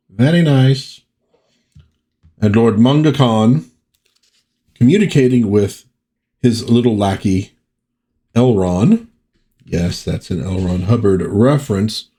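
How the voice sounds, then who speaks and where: A man's voice: on the low side, a little mellow, slightly rough. A man hosting a casual comic book review, chatty and rambling, with frequent asides.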